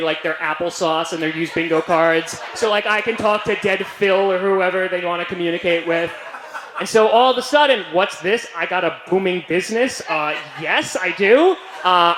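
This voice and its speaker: A young man doing a stand-up comedy set on a club stage, animated, with jokey self-praise and a habit of tagging lines with "right?". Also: high-pitched. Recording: roomy live club sound with faint room noise.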